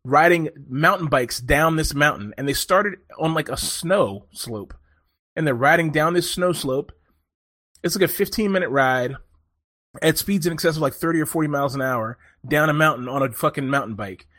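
A man telling a long story in casual chat, animated and rambling, with lots of fillers and swearing. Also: fairly high pitch, normal speed, no room sound, studio quality.

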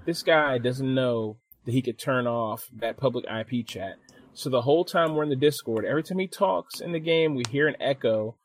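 Profane, animated man telling a story. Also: medium pitch, moderate pace. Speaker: podcast co-host. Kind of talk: casual chat.

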